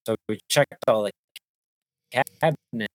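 Dude hosting, chill storytelling, dry dead-sounding room. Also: male voice, medium pitch, measured pace, no echo. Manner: relaxed, storytelling. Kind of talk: casual chat.

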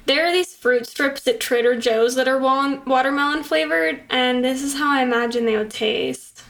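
A woman's voice: high-pitched, normal speed, vocal fry, fairly bright tone. A woman co-hosting a casual podcast, playful and upbeat, often laughing. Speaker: podcast co-host.

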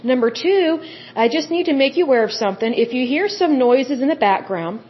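A woman's voice: high-pitched, animated, brisk. A woman hosting a solo podcast, chatty and upbeat with joking asides, on a dull lo-fi home recording. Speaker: podcast host. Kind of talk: casual solo podcast chat.

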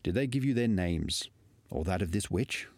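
A man voicing an old wizard master, measured and quietly amused. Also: deep voice, animated, no echo, clean studio sound. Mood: knowing. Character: calm knowing old male wizard master.

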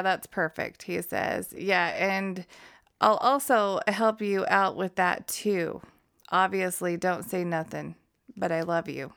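Smooth-voiced woman chatting casually. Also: medium pitch, fairly bright tone. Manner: laughs often, swears casually. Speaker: podcast co-host. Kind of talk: casual chat, reading transcripts aloud.

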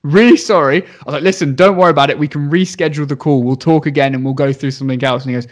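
A man's voice: fairly high pitch, very fast, hardly any pauses. A young man, a teacher, telling a story in casual chat, swearing and acting out the voices of the people in it. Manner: animated, swearing, acts out voices. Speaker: primary school teacher.

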